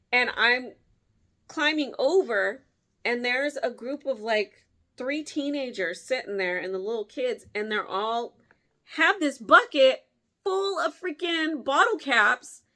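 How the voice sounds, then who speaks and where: Lively woman telling a funny story. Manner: animated, acts out quotes with big pitch jumps; laughs through her telling. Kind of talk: casual storytelling.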